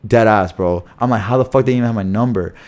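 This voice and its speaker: Swearing freely and acting out other people's lines, a young man recounts a story while co-hosting a podcast in relaxed conversation. He speaks fast in a lowish voice, with lots of animation.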